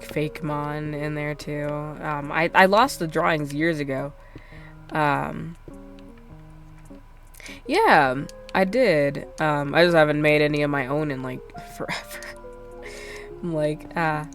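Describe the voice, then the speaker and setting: A woman streamer chatting casually while she plays, rambling with lots of fillers and self-deprecating asides. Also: low-pitched. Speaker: game streamer. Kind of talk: casual gameplay chat.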